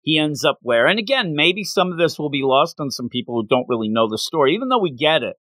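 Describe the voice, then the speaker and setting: Lively, bright-voiced man recapping an anime. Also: a little high, fast talker, no echo. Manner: animated storytelling with playful bits. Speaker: podcast host. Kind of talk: casual anime recap chat.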